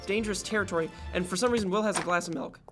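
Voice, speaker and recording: A man hosting a let's play, giving excitable, joking commentary with some swearing. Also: high-pitched, rapid-fire. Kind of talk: casual gaming commentary. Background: game music.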